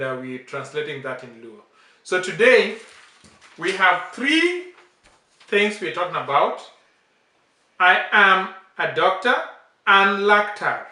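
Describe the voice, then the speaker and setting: A man's voice: on the high side, sharp tone, roomy sound. A man teaching a language lesson in a casual way, coaching and correcting pronunciation with emphatic repeats.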